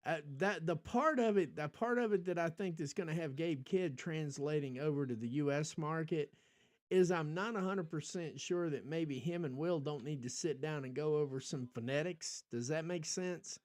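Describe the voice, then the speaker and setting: Hosting a livestreamed podcast, an American man drifts through relaxed conversation, answering chat messages with plenty of ums and false starts. His voice is on the high side and a little mellow, moving at a moderate pace.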